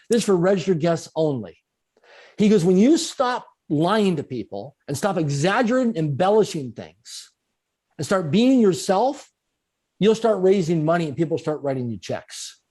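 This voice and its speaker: Lively storytelling man, high-pitched. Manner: animated, repeats phrases for emphasis. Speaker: guest speaker. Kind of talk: storytelling in a conversational interview.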